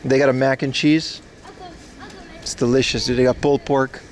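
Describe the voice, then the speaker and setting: A man's voice: mid-range voice, little pitch movement, normal speed, slight background noise. A man hosting a casual livestream outdoors on a city street, joking and answering his chat as he walks. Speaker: livestream host.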